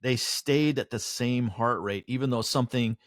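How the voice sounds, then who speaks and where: A man's voice: medium pitch, moderate pace, dry recording, clean studio sound. A man co-hosting a podcast in casual chat, thinking aloud with frequent fillers and restarts. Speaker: podcast co-host.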